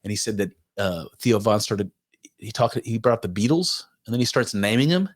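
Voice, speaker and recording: A man co-hosting a podcast, telling stories in rambling, animated casual chat. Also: on the low side, brisk. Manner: rambling, animated storytelling with laughs. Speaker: podcast co-host.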